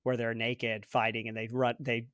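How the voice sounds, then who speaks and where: A man co-hosting a podcast, guessing movie quotes and recounting scenes with quick laughs. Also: mid-range voice, little pitch movement, a bit bright, clean tone, no echo, clean studio sound. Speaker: podcast co-host, quiz contestant. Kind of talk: casual chat.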